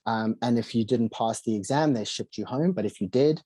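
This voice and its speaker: A man's voice: mid-range voice, brisk, mellow, dry recording. A young man from South Africa with a South African accent, a podcast guest telling his life story casually, acting out what others said to him. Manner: chatty, fillers and acted-out quotes.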